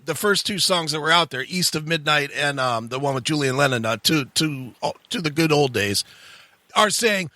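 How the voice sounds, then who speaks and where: High, bright-voiced male interview host. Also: dry recording. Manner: effusive and admiring. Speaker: radio show host.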